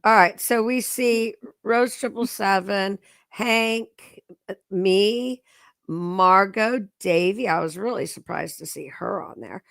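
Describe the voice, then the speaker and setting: A woman chatting casually on a livestream as co-host, unhurried and hesitant with fillers. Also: medium pitch, creaky, a bit bright, dry recording.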